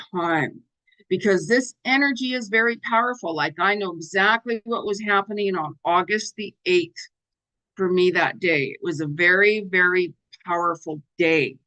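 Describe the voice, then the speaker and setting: A middle-aged woman psychic talks to her livestream viewers in an easy, rambling way. She fills her speech with "like" and "you know". Her pitch sits in the middle range for a woman. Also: fairly bright tone, rough recording. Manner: chatty, rambling, many fillers like "like" and "you know"; acts out her own exclamations in a raised voice. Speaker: psychic reader hosting a live stream. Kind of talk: casual livestream talk.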